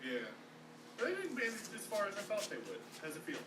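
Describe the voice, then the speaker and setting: A man's voice: sits high, huge pitch swings, fairly quick, a crowd in the background. A man playing at a tabletop game night, mischievous and bargaining in casual banter. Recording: roomy, from far off, noisy.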